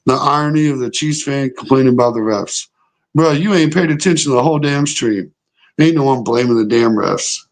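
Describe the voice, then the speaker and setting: A man's voice: mid-range voice, brisk. Young man, sports streamer, argues hotly with chat, lots of profanity. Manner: heated, profane, argumentative with chat. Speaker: sports show host reacting live. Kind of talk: casual livestream reaction, reading chat.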